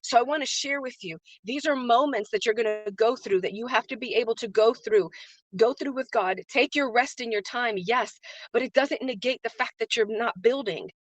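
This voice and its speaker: This woman's voice sits a little high and moves at a moderate pace, with no room sound. She hosts a live stream as a faith-based business coach, giving an earnest, emotional motivational talk where she repeats phrases for emphasis and greets viewers by name.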